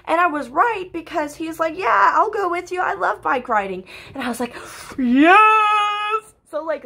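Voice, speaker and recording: A young woman telling a casual storytime to her viewers, chatty and full of "like" and "literally", swearing freely and breaking into excited squeals. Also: high-pitched. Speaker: vlogger.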